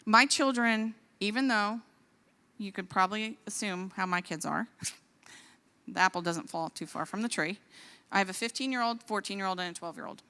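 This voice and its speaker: Bright-voiced indignant woman in a reverberant hall. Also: mid-range voice, moderate pace, smooth. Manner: animated, indignant, rising to exclamations. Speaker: physician speaker. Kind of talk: impassioned church talk. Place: large church hall.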